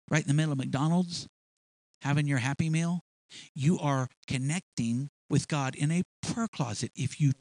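With no echo in the recording, a man with a fairly high voice preaches a sermon in a folksy, repetitive way. He stumbles over words and acts out little scenes, doing voices for illustration.

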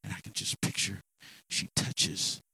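A man preaching a sermon, impassioned and repetitive, building up to shouts. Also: unhurried, poor audio.

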